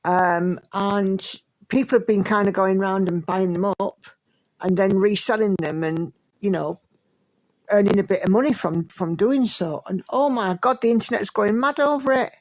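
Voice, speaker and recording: A woman's voice: medium pitch, moderate pace, a little mellow, rough recording. English lady chatting on a livestream, reads out comments, lots of likes and ums. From England. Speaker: livestream host. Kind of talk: casual chat reading viewer comments.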